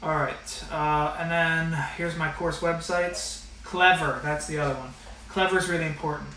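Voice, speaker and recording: A man's voice: on the high side, steady tone, normal speed, bright, forceful tone, slight background noise. A man teaching an online math class and going over the rules, talking in a casual, direct way with a lot of fillers. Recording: echoey room, slightly distant mic.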